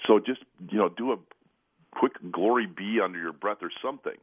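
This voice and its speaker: A priest recovering from the flu talks earnestly on a call-in radio show, his voice hoarse and gravelly, full of restarts and "you know.". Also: brisk, dry recording. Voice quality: deep and gravelly. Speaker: priest, spiritual director. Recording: dry, tinny phone-line sound.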